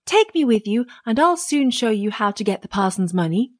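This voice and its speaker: A woman's voice: a little high, big pitch swings, normal speed, dry recording, studio quality, pitched above the performer's own voice. A woman playing a tiny cheeky boy. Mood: sly. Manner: perky, mischievous. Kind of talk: audiobook character reading.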